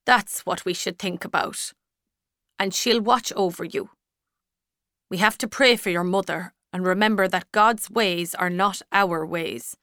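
Gentle middle-aged priest, voiced by a woman narrator, soft and careful, unhurried. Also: on the low side, no echo, studio quality.

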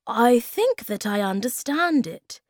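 A woman voicing a kind, clever male creature who explains things calmly. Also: fairly high pitch, takes it slowly, no echo, studio quality, voice pushed up. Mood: kindly. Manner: calm, kindly explaining.

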